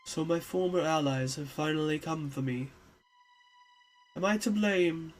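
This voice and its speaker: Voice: medium pitch, measured pace, soft background music, lightly acted. A streamer voicing a frail, guilt-ridden old male knight in a text game, formal and wavering. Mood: wistful. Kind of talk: reading a text game aloud.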